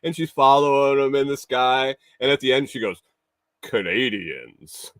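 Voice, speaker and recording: A man's voice: mid-range voice, monotone, fairly quick, a bit bright, clean tone, dry recording. A man hosting a casual livestream morning show, reading viewer comments, laughing often and swearing, with rambling restarts.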